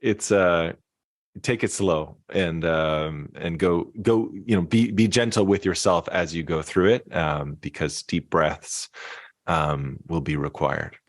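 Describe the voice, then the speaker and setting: A man's voice: low voice, fairly even intonation, slow pace, no echo, clean studio sound. A man, a musician and speaker, reflecting as a podcast guest, with many restarts and fillers. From Canada. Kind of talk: casual interview talk.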